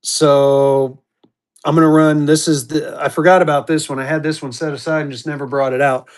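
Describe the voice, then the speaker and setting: A man's voice: fairly high pitch, flat delivery, moderate pace. A man selling banknotes in a live-stream auction, with hyped, repetitive auctioneer patter.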